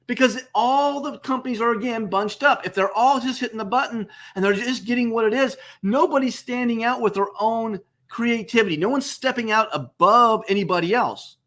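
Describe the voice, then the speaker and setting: Emphatic high-voiced man hosting. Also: normal speed, hardly any pauses. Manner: emphatic, repeats phrases, lively swings in pitch. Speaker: host. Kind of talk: enthusiastic business webcast talk.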